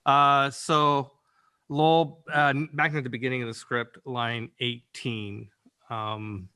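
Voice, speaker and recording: A man's voice: mid-range voice, little pitch movement, takes it slowly, bright, forceful tone, smooth. A man directing voice actors in a recording session, giving rambling instructions full of fillers over a video call.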